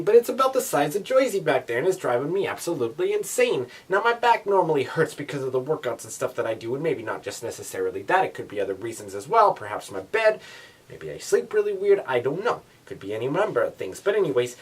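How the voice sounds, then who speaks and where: A young man from Canada ranting casually in a daily vlog, animated and swearing, wet from the shower. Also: mid-range voice, brisk, husky. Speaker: vlogger.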